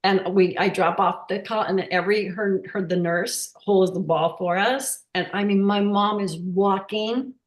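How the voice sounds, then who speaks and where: A woman shares personal stories as a guest in a halting, casual way, full of restarts and fillers. Her voice sits at a middle pitch. The room gives it a roomy echo.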